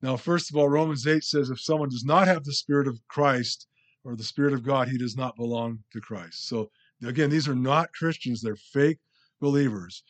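Male preacher, mid-pitch, chatty verse-by-verse teaching, self-deprecating, many restarts. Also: normal speed. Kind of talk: sermon teaching.

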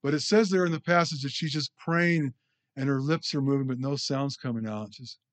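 A man preaching an informal sermon in a conversational, halting way, often restarting his words. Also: mid-range voice.

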